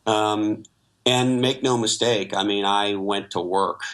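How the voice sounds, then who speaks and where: Interview guest: middle-aged Canadian-born man, lowish voice, reflective storyteller, lots of ums. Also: fairly even intonation, takes it slowly, fairly bright tone. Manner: reflective storytelling with many fillers. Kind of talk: interview conversation.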